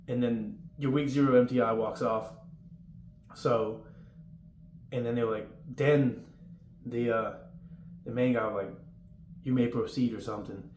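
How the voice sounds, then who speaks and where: A young man giving casual, rambling advice about basic training and acting out the drill yelling now and then. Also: medium pitch, steady tone, measured pace, pauses often. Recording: roomy with faint room noise.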